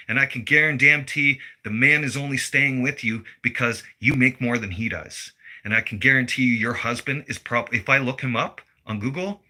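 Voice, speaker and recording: Man, heated profane rant, sharp forceful voice. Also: mid-range voice. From Canada. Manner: blunt, heated, heavy swearing. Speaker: vlogger.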